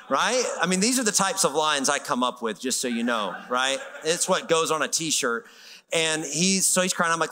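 A middle-aged man preaching to a congregation with a bright, forceful, slightly high voice. He tells a story in a loose, conversational way and acts out the people in it. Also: lively intonation, brisk, long reverb tail. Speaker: pastor. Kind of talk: sermon storytelling.

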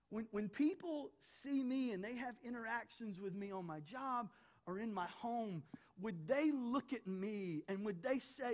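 A male pastor delivering a lively sermon. He stacks up repeated phrases as he drives toward each point and drops in quick jokes along the way. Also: very high-pitched. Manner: animated, with humorous asides; repeats words as he builds points.

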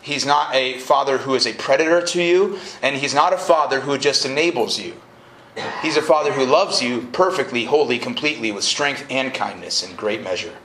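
A man preaching a lively, casual sermon to a college group, joking and then rising to emphatic peaks. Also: mid-range voice, moderate pace. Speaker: pastor. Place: college event hall. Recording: live room echo, faint noise.

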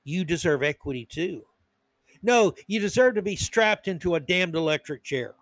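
A man's voice: high voice, expressive, moderate pace, dry recording. A man hosting a podcast, delivering an indignant political commentary monologue full of emphatic repetition. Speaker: podcast host.

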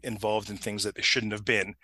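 Middle-aged man, casual storytelling, animated, laughing, bright forceful voice, dry close sound. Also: on the low side, brisk, no room sound. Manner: animated, laughing, acts out the people in his stories. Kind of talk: casual chat, telling a funny story.

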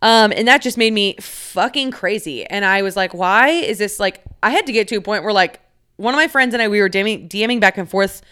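A woman's voice: mid-range voice, a little fast, sharp tone, smooth. A young adult woman hosting a casual solo podcast, talking candidly in a rambling way, with many fillers and free swearing. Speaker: podcast host.

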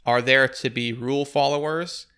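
A man's voice: medium pitch, steady tone, normal speed, pushed and bright, clean tone. A man hosting a podcast, discussing a film in a thoughtful, analytical way and asking leading questions. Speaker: podcast host.

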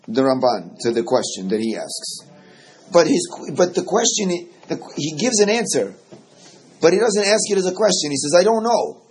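A man teaching a Torah study class, animated and often repeating words as he explains. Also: high voice.

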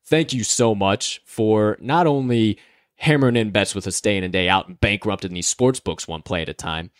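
A man's voice: fairly low pitch, normal speed, no echo, studio quality. A young man from the Chicago area hosting a sports betting podcast in a casual, upbeat, hype-filled way. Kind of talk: casual chat.

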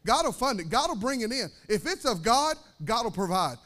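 A man preaching a sermon as pastor, energetic, repeating phrases and calling for amens. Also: very high voice, fairly quick.

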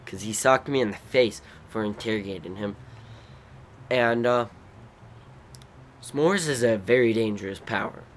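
A man hosting a podcast, telling rambling, animated stories about his family. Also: fairly low pitch, a little slow, long pauses, a little hiss or hum. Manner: rambling, animated, bursts into loud acted shrieks. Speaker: podcast host. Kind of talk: casual storytelling.

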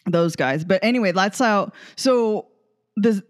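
A woman's voice: medium pitch, a little slow. Rambling, laughing woman host. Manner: rambling, laughing, acts out quoted voices. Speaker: podcast host. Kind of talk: casual storytelling chat.

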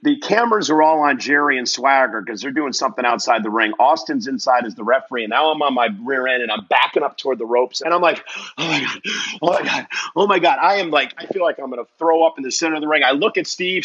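A man, a wrestling commentator and guest, telling a personal anecdote in a lively way and laughing often. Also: mid-range voice, quick pace, few pauses, muffled recording.

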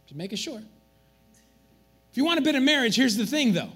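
Animated high-voiced pastor preaching. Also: male voice, a little fast, slightly rough, soft background music. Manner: animated, joking with the congregation. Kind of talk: sermon. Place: church.

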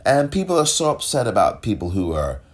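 Podcast host, male, deep husky voice, impassioned solo commentary, repeats lines for emphasis. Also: wildly swooping pitch, fairly quick. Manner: impassioned, rising to near-shouted questions; rhetorical, repeats phrases for emphasis.

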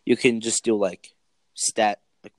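A man with a slightly low voice chats casually, rambling through filler words and cursing freely. The sound is dry and close, with no room around it. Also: fairly even intonation, measured pace, no echo. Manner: rambling, filler-heavy, profane. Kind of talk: casual chat.

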